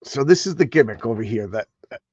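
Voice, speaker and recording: A man's voice: mid-range voice, animated, quick pace, a little mellow, husky, dry recording, highs cut off. A man hosting a casual live stream, rambling and stammering as he repeats words. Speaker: host.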